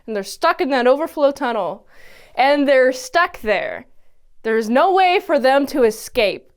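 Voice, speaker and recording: Woman, high voice, casual and expressive TV recap host who jumps in and out of character voices. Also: slow. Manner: animated, exclamatory, acts out characters' lines. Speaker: TV episode reviewer.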